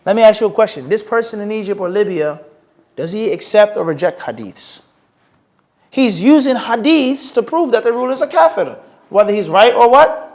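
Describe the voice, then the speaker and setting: A man's voice: high-pitched, animated, normal speed, darkish tone. A man teaching Islamic topics in a live question-and-answer session. He asks rhetorical questions and mixes Arabic phrases into his English. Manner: rhetorical, quizzes listeners with "what?". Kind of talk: live Q&A lecture.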